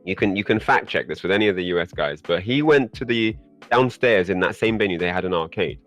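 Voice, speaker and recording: A man with a fairly low voice tells a story on a podcast in an easy, chatty way. He grows animated, his pitch climbs when he gets excited, and he often breaks into laughter. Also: a little fast, faint music behind. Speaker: podcast guest. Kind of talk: casual storytelling.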